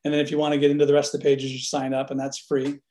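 A man's voice: medium pitch, very fast. Storytelling man guest in an echoey room. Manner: relaxed storytelling, acts out quoted dialogue. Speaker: producer and studio owner, guest. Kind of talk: casual interview chat.

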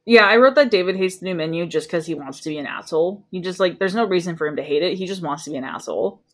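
A woman's voice: on the low side, expressive, fast talker. A woman co-hosting a casual podcast, recapping a show in a breezy, sarcastic way with swearing. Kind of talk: casual chat.

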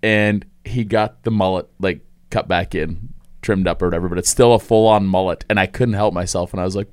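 A low-voiced man spins a funny story in a relaxed podcast chat, laughing as he goes and swearing casually. The sound is dry and close, with no room around it. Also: brisk, clear, resonant tone, no echo. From Saskatchewan, Canada. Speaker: podcast guest, comedian.

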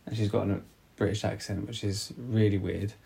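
A man talking casually about a film, rambling and halting with many restarts. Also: lowish voice, flat delivery, gravelly, dark tone, breathy edge.

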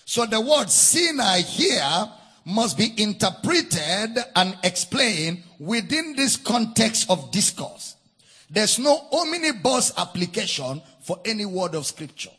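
A man with a Nigerian accent preaching a sermon, teaching with deliberate emphasis and spelling out words. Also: high voice, very animated, pushed and bright, breathy edge. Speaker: pastor.

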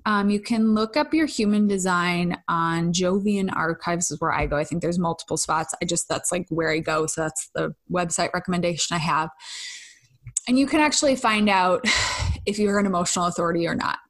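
A woman's voice: lowish voice, moderate pace. A woman hosting a casual solo podcast. She talks candidly and effusively, swears casually, sighs and laughs between thoughts, and often trails off and restarts. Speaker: podcast host.

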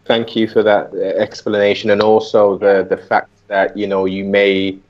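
Brief: male host, somewhat low voice, playful, interrupts with questions, muffled recording. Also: completely flat delivery, moderate pace. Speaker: podcast host. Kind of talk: casual interview chat. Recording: dull lo-fi sound.

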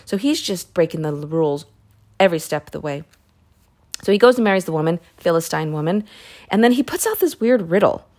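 Woman, low-pitched, relaxed devotional podcaster, conversational Bible retelling full of asides. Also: brisk. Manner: chatty, with self-corrections and asides. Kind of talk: casual Bible story retelling.

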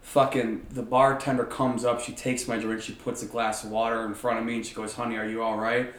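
A man's voice: mid-range voice, flat delivery, fairly quick. A man telling a rowdy story in casual, profane chat. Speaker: podcast host. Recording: echoey room.

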